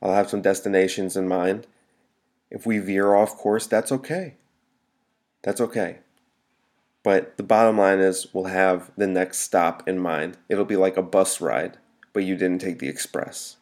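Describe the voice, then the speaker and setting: Rambling comedian ranting, low-voiced man. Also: fairly even intonation, measured pace, darkish tone. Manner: rambling, joking, restarts mid-sentence. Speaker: comedian podcast host. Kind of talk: solo podcast rant.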